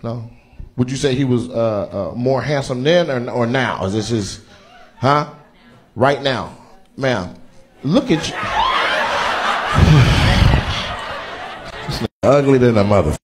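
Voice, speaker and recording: Speaking slowly with long pauses, this man's medium-pitched voice swings hugely in pitch as he does profane crowd work. He's a stand-up comic brashly teasing and roasting audience members, while a live crowd at the comedy venue laughs and cheers.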